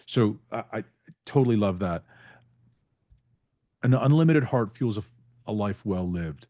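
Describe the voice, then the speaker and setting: A man's voice: on the low side, expressive, measured pace, dark tone, no room sound, studio quality. A man hosting a podcast interview, casual and appreciative of his guest. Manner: upbeat, appreciative. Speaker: podcast host.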